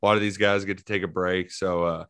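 A man co-hosting a casual sports podcast, telling stories in an animated way and laughing often. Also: deep voice, fast, clear, resonant tone. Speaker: podcast co-host.

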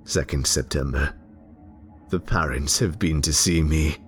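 A male narrator giving a theatrical first-person story reading, lingering on words and dropping into hushed whispers. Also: rumbling low, a little slow, soft background music.

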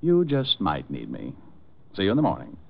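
A dry, joking private eye with a low voice that rises and falls freely. Heard on a dull, muffled old radio recording with a faint music bed. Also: male voice, wildly swooping pitch, normal speed, vocal fry, full character voice. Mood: wry. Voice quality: wry, wisecracking. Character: wisecracking male private detective. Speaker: narrator and lead. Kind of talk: 1940s radio acting.

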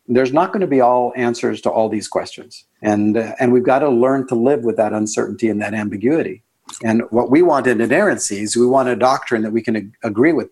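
A man being interviewed as a guest author on a podcast, talking in a reflective, earnest way and sometimes leaping up in pitch for emphasis. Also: husky.

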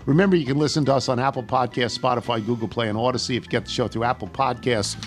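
A man's voice: medium pitch, very fast. An older man hosts a radio talk show in a rambling, easygoing way, chuckling as he reads listener emails aloud. Faint music sits under his voice. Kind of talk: casual radio chat.

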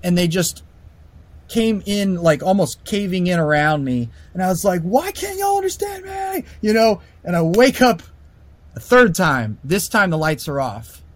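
A man telling a personal story casually, animated and full of fillers and restarts. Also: high voice, unhurried, dry recording.

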